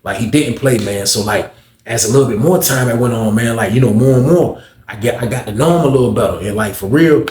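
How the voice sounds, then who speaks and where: A man's voice: medium pitch, brisk, darkish tone. A young man, telling a story in a casual way, full of street slang and repeating "man" at the end of his lines. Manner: laid-back street slang, says "man" a lot, acts out quoted voices. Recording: echoey room with faint hiss.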